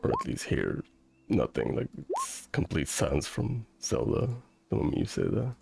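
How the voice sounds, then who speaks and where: A man's voice: mid-range voice, wildly swooping pitch, normal speed, vocal fry, noisy background. A man running a tabletop game as game master, dry and wry in his remarks.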